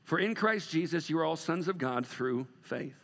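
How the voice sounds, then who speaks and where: A middle-aged man preaching a sermon as a pastor, moving from loud emphatic bursts to soft, slow passages. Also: on the high side, expressive, creaky, big-room sound.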